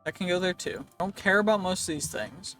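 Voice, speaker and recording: A man's voice: sits high, lively intonation, fairly quick, sharp tone, soft background music. A man giving casual, rambling gameplay commentary, joking and talking to game characters, his voice wearing out. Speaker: gaming video creator.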